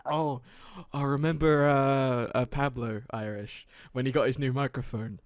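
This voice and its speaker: A man's voice: fairly even intonation, a little slow, no echo. A British man co-hosting a casual gaming podcast, telling a story in a rambling way with fillers, restarts and frequent laughter. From Britain. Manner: laughs often, jumps high when quoting. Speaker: podcast co-host. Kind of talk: casual chat.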